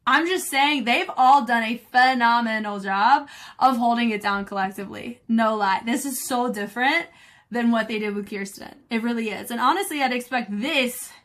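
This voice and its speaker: A woman's voice: on the high side, moderate pace, a bit bright. A woman choreographer from the United States, giving chatty, enthusiastic dance reaction commentary and scatting along to the beats. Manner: scats and counts beats along with the music. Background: faint music.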